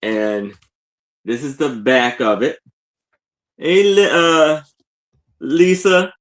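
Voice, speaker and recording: A man co-hosting a live online sale, describing an old framed photo in slow, halting talk full of fillers. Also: on the high side, steady tone. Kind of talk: casual live sale chat.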